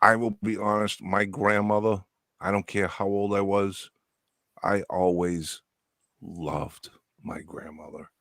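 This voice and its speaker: A man's voice: sits low, steady tone, slow, creaky, a bit bright, dry recording, clean studio sound. A man co-hosting a casual livestream chat, joking and crude in a laid-back way.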